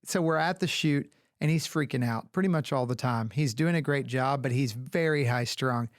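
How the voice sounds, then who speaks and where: A man's voice: mid-range voice, moderate pace, no room sound, studio quality. A man telling a long funny story in a casual podcast chat, acting out what others said and laughing often. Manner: animated, acts out quoted voices, laughs often. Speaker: podcast guest, agency founder.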